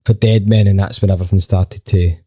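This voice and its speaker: A man, a band member telling a story in a casual chat, animated and full of restarts. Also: low voice, brisk, slightly rough.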